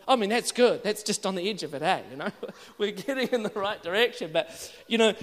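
A man preaching a sermon, animated and rising to shouted exclamations. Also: sits high, a little fast, long reverb tail.

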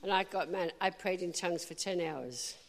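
A woman preaching a sermon, telling a personal story with lively, animated delivery and bursts of laughter. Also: lowish voice, moderate pace, gravelly, in a large hall.

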